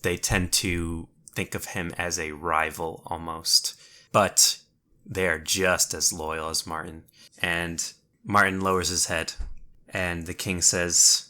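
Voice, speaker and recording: A man with a low, bright-edged voice leads a tabletop game as its narrator. He tells the scene at an unhurried pace and slips into characters' lines. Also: little pitch movement. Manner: slow, measured storytelling with in-character quotes. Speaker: game master.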